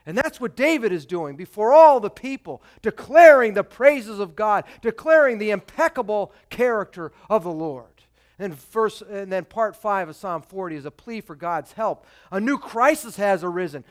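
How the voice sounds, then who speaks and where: A male pastor preaching a sermon, reading scripture dramatically and swinging between loud emphatic peaks and quiet, dropped phrases. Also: high voice.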